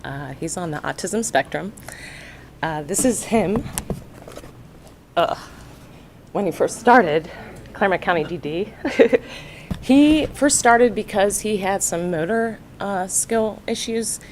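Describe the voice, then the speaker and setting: A woman addresses a county board as a parent giving testimony. She sounds nervous and halting, with plenty of fillers, and her voice sits at an everyday middle pitch. A faint low rumble runs underneath. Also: animated. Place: public meeting room.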